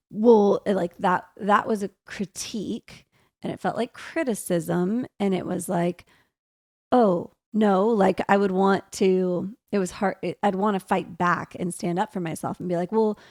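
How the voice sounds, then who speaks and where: Candid woman with a lowish voice. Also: no echo, clean studio sound. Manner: candid, self-reflective, quotes herself. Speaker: podcast co-host. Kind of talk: casual chat.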